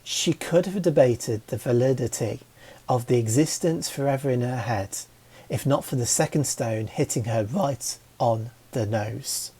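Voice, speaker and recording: A man reading a fantasy story aloud as narrator, with a slow, even delivery. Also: mid-range voice, slightly rough. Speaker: audiobook reader.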